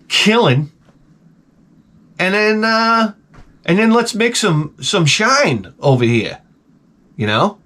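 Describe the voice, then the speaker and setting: A man, telling a profane, rambling story in a casual vlog. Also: high-pitched. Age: 40s. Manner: animated, profane, repeats himself. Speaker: vlogger.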